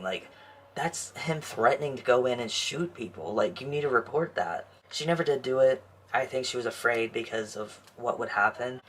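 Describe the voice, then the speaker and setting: A man recounting events from his own family in a casual first-person way, growing animated when upset. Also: mid-range voice, slight background noise.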